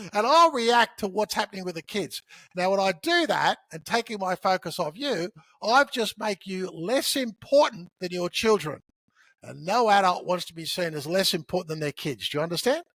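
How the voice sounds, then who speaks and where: High-voiced man explaining sales tactics. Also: dry recording. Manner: animated storyteller who acts out dialogue. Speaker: podcast guest, sales author. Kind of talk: conversational teaching.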